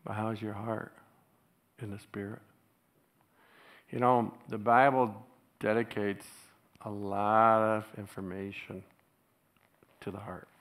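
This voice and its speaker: Male pastor, lowish voice, chatty storyteller who laughs a lot while preaching in church. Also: slow pace, pauses often. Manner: storytelling, chuckles often, animated when quoting others. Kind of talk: sermon.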